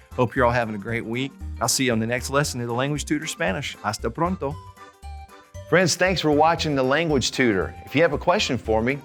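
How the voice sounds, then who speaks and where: A man's voice: medium pitch, a bit bright. A man teaching a casual, chatty video lesson, talking straight to his viewers in an upbeat way. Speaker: language tutor.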